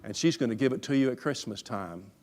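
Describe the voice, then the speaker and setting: A man voicing a stern father who speaks in a low, hushed, steady voice. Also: fast, natural voice.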